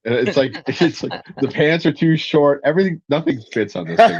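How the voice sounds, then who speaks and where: A man's voice: medium pitch, sing-song, normal speed, few pauses, highs cut off. A man telling a funny story in casual chat as a podcast co-host, laughing and swearing as he goes.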